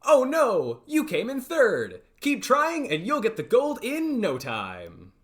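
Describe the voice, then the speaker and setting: A man voicing an upbeat announcer for a kids' racing game, using a bright, encouraging, sing-song delivery. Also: extremely high pitch, wildly swooping pitch, slow, pitched above the performer's own voice, heavily acted.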